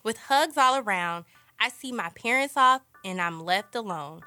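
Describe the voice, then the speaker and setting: A woman's voice: medium pitch, expressive, a little slow, bright, forceful tone, no echo. An actress voicing an earnest, upbeat young woman starting college, narrating with heartfelt expression over a music score. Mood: amazed. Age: young adult. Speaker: lead character and narrator. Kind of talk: audio drama narration and dialogue.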